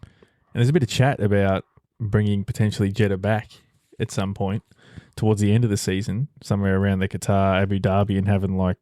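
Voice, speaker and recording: A man's voice: on the low side, flat delivery, a little fast, warm tone, no room sound, studio quality. A man co-hosting a podcast in casual chat, swearing freely and laughing often. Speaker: podcast co-host.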